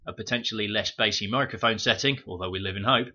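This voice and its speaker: Talking fast, the British film podcast host has a lowish, pushed, bright voice with a breathy edge, captured on a muffled home microphone. Wry, sarcastic asides punctuate the scripted review notes he reads.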